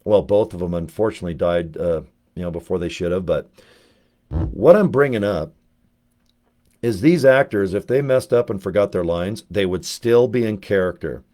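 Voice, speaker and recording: Low-voiced man telling rambling stories. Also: normal speed. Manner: rambling, animated, jumps between anecdotes. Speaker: network marketer. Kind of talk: casual storytelling to camera.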